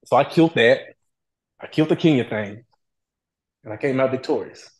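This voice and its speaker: A middle-aged man telling a story as a guest in a casual interview, animated and acting out other people's lines. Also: mid-range voice, fairly quick. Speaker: reality TV guest.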